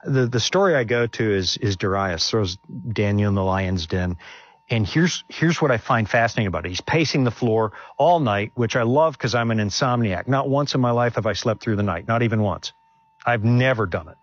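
A man's voice: lowish voice, normal speed, no room sound, highs cut off. A man speaking as a guest in an onstage question-and-answer, sharing his testimony in an earnest, conversational way with frequent restarts.

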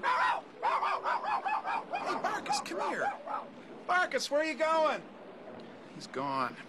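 A man's voice: on the high side, sing-song, moderate pace, heavy background noise. An actor playing an earnest teenage schoolboy on a band trip, fussing over his dog in an old-time radio drama. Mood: worried. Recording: radio drama with music behind.

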